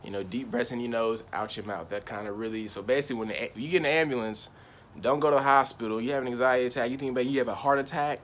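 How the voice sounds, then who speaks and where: A man's voice: medium pitch, steady tone, very fast, slight background noise. Young man rambling through a personal story. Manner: slangy, rambling, repeats "I was like". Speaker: channel host.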